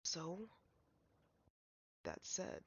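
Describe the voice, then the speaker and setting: A woman's voice: very slow, a bit bright, no echo, dull audio. A woman streamer giving casual, laid-back commentary while playing a game, with slangy asides. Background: game music.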